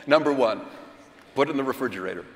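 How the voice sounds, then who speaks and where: A man giving a seminar talk at a church conference, speaking slowly and with self-deprecating humor. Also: medium pitch, expressive, gravelly, a little hiss or hum. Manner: slow, unhurried delivery; self-deprecating, chuckles between points. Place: large hall at a church conference. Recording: echoey hall with long reverb.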